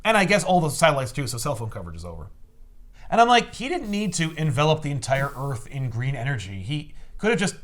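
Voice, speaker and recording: A man with a high speaking voice talks in a casual chat about comic books. He retells scenes with energy and jumps into quick voices for the characters' lines. His tone stays loose and conversational. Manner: animated storyteller, acts out quoted lines. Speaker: podcast host. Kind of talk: casual comic book discussion.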